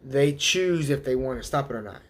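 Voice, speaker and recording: A man hosting a live show, talking in a casual, animated monologue and slipping into quick voices of the people he quotes. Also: medium pitch. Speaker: host.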